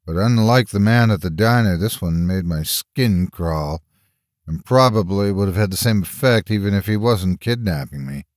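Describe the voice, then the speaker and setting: Man, horror story narrator, low voice, measured first-person telling, dry close mic. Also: lively intonation, no room sound.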